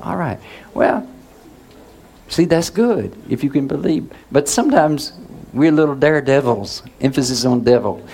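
A man's voice: a little high, sing-song, unhurried, creaky, warm tone, slight background noise. A male pastor preaching in a conversational way, asking the congregation questions and waiting for answers. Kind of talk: sermon.

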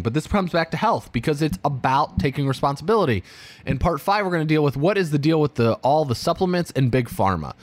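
A man in his thirties hosts his own podcast solo, talking casually and rambling with restarts and fillers. His voice is medium-pitched, with no echo.

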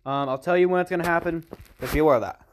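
A man's voice: fairly high pitch, racing, slight background noise. Rambling, cursing male podcast host. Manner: rambling, swears freely, snacks while talking. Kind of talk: casual solo podcast monologue.

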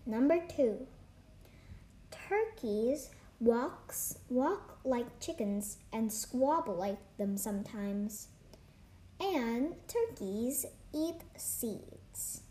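A woman's voice: fairly high pitch, lively intonation, drawn-out words, mellow. A woman reading a children's novel aloud to a class, carefully and with small restarts.

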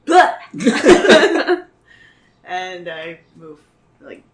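A woman's voice: on the low side, sing-song, drawn-out words. A woman playing a tabletop role-playing game, giggly and playful, recorded with a roomy echo. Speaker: player.

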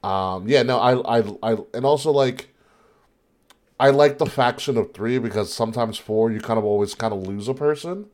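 A man's voice: mid-range voice, moderate pace, darkish tone. A man co-hosting a casual wrestling talk podcast, laughing often, swearing freely and stumbling over restarts. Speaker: podcast co-host.

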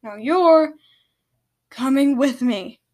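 A woman voicing a fierce male dragon who is a protective father, shouting his lines loudly with command in her high voice. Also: animated, slow pace.

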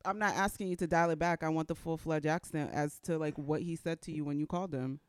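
A man's voice: a little high, steady tone, quick pace, clean tone, no echo, studio quality. A young man co-hosting a casual chat, pushy and pressing his friend for more. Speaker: podcast co-host.

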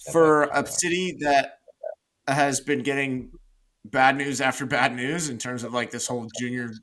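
A man's voice: mid-range voice, steady tone, measured pace, a bit bright. A man co-hosting a podcast, chatting casually and thinking aloud with frequent restarts. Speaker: podcast co-host. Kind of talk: casual chat.

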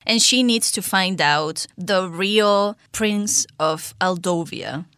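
A woman in casual chat, retelling a movie's plot with frequent laughs and quick impressions of the characters. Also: mid-range voice, clean tone, no echo, clean studio sound. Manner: lively, laughs often, acts out the characters' lines.

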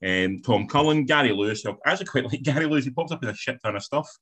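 Fast-talking husky man. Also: mid-range voice, animated, fairly bright tone. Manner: chatty, hedging with "like". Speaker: podcast co-host. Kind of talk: casual film review chat.

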